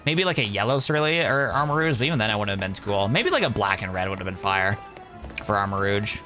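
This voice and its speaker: A man's voice: fairly low pitch, expressive, fast, bright, forceful tone, soft background music. A young man chatting casually on a live stream, rambling and laid-back, calling his viewers "bro".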